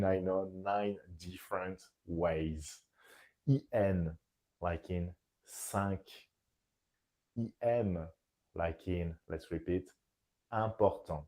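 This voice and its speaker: Slow, deep-voiced French-accented male teacher. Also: dark tone. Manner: slow, careful demonstration of sounds. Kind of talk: scripted pronunciation lesson.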